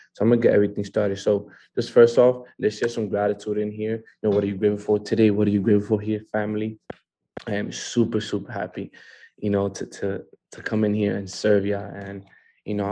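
A man's voice: lowish voice, gravelly, mellow. A man hosting a live online training call from a home, talking in an upbeat way and repeating words for emphasis. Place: a home in California.

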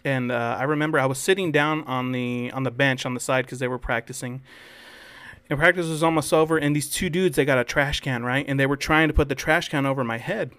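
A man's voice: medium pitch, fairly even intonation, brisk, fairly bright tone, clear, resonant tone, dry recording. A young man co-hosting a podcast, telling school stories in a rambling, swear-filled casual chat. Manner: rambling storyteller, swears freely. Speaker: podcast co-host.

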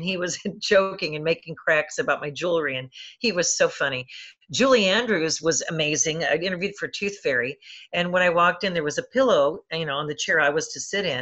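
Bright-voiced chatty woman film critic. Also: sits low, highs cut off. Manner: chatty, lots of fillers and restarts. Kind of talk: interview answer, telling anecdotes.

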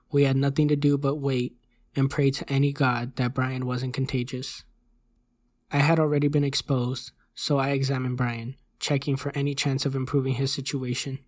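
Steady, measured horror story narrator. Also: medium pitch. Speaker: host and narrator.

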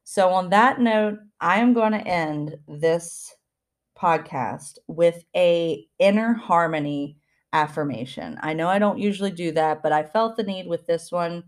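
A woman hosting a spiritual self-help podcast, talking earnestly with many fillers and restarts, and reading out affirmations slowly and deliberately. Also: on the low side. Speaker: podcast host.

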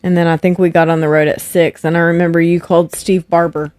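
A young woman tells stories in a relaxed, chatty way, and her voice sits on the lower side for a woman. She brings the people in her stories to life by acting out their lines. The sound is dry and close. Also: fast talker, no room sound. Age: young adult. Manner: animated, acts out quoted voices. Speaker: podcast guest, host's wife. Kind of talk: casual storytelling chat.

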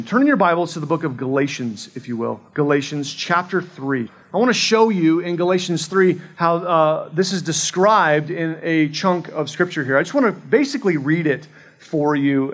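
High-voiced man preaching a sermon. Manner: earnest, conversational preaching with frequent restarts. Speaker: pastor.

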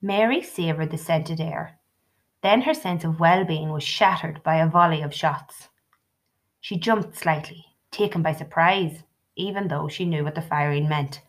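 Reading from a script, a female audiobook narrator tells a novel's story at a measured, even pace in a low voice.

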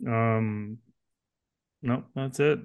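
A man's voice: mid-range voice, steady tone, extremely slow, clean tone, highs cut off. A man co-hosting a casual podcast, rambling and stammering through his points. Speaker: podcast co-host. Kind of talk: casual chat.

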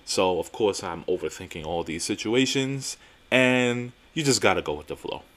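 A young man with a low voice tells a story on his podcast. He talks casually and with energy, swears freely, and drives his points home by repeating them. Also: moderate pace. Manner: animated, profane, self-mocking, emphatic repetitions. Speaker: podcast host.

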